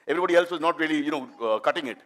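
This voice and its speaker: A middle-aged man with an Indian English accent tells stand-up stories at a brisk clip. His voice sits a little high for a man. He talks in a lively, chatty way and keeps teasing his audience. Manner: animated, chatty, teases the audience. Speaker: stand-up comedian. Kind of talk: live stand-up storytelling.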